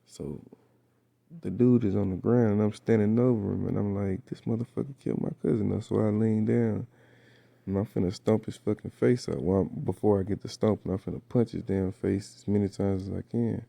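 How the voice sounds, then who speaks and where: A man with a raspy voice, just woken up, casually retelling a dream in slangy, profane storytelling full of fillers. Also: on the low side, fairly even intonation, moderate pace, warm tone, no room sound. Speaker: vlogger recounting a dream.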